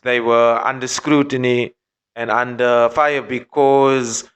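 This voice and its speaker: A man's voice: mid-range voice, little pitch movement, takes it slowly, a bit bright, smooth, lo-fi sound. Male podcast host, mid-range voice, casual and rambling. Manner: profane, rambling, with many fillers.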